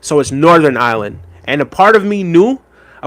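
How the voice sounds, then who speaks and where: A man hosting a livestream, reading viewer comments aloud with shout-outs and quick apologies, relaxed and repetitive, with many fillers. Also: a little high. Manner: relaxed, repeats phrases, frequent fillers. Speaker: livestream host. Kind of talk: casual livestream chat.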